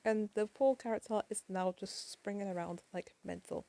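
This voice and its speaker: A woman's voice: mid-range voice, steady tone, moderate pace, creaky, dark tone, low-quality recording. A woman casually reading a comic aloud, with chatty asides and the odd swear word. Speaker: comic reader. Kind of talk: casual comic read-along with commentary.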